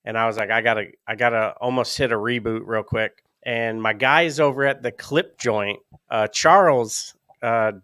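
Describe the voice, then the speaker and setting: A man co-hosting a podcast, telling a story in a casual, animated way, laughing often. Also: mid-range voice, normal speed, clear, resonant tone, no room sound. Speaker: podcast co-host. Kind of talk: casual chat.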